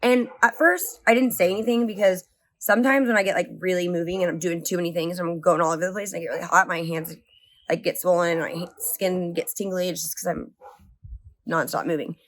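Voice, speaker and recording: A woman vlogger telling a story to camera in a casual, rambling way, full of "like" fillers and swings in pace. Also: on the low side. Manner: animated, rambling, heavy use of "like"; speeds up and slows down often.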